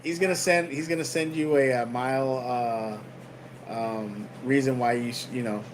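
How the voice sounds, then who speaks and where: A man's voice: mid-range voice, steady tone, moderate pace, background noise. A man co-hosting a casual sports podcast on a live stream, teasing and laughing often. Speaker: podcast co-host.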